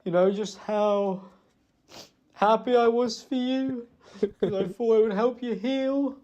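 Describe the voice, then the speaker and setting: A man's voice: extremely high pitch, warm tone, dull audio. A man in a played message, rambling through an emotional apology and blaming himself. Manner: halting, self-reproaching, rambling.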